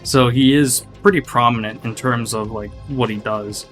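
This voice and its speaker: A man's voice: medium pitch, steady tone, moderate pace, fairly bright tone, soft background music. A man chatting casually on a stream, easygoing and hesitant, thinking aloud as he talks.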